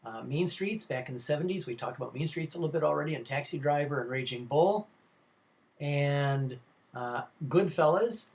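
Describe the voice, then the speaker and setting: A man's voice: fairly high pitch, expressive, moderate pace, darkish tone. Rambling middle-aged male film lecturer. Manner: rambling, lots of fillers and restarts; informal, addresses students directly. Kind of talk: recorded slide lecture.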